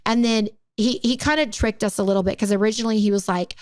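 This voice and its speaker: A woman in her thirties, from the United States, co-hosting a podcast and telling a story in a casual, animated way, peppered with "like". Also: mid-range voice, quick pace, few pauses, no echo. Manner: animated, acts out quoted people, frequent "like". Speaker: podcast co-host.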